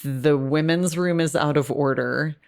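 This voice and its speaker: A deep-voiced woman with vocal fry appears as a podcast guest, discussing a film casually but articulately and analytically. She speaks at a measured pace and often restarts her sentences.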